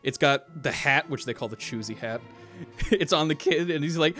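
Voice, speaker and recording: Animated man streaming a game. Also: on the high side, moderate pace, soft background music. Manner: animated, laughs often, reads game dialogue aloud. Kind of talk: casual game commentary with chat.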